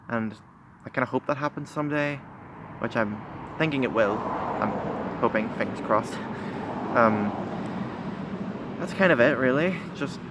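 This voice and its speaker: Shy teen guy vlogging outside on his phone, lots of pauses and "like"s, mid-pitched voice, cars roaring past. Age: teens. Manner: shy and halting, many pauses, fillers and restarts. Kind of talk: candid confessional vlog. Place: outdoors by a busy road. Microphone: phone camera. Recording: phone recording with loud traffic noise. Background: passing cars.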